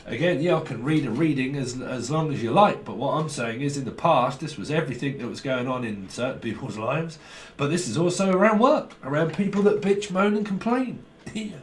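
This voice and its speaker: A man's voice: fairly high pitch, lively intonation, a little fast. A man giving a casual, rambling tarot reading, chatty and laughing often, swearing freely as he talks. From United Kingdom. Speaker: tarot reader. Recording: roomy echo with faint background noise.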